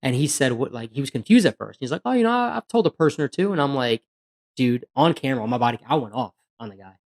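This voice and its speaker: A man's voice: mid-range voice, fast talker. A straight-talking man recounting a patrol story on a podcast. He talks bluntly and casually. He slips into other people's voices as he retells what they said. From USA. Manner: blunt, animated retelling with acted-out quotes. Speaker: police officer guest.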